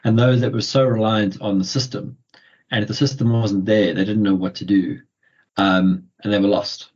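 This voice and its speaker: A man's voice: fairly low pitch, fairly even intonation, normal speed, a little mellow, slightly rough. A man hosting a podcast interview, talking casually and hesitantly with many ums and restarts. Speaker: podcast host. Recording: muffled lo-fi audio.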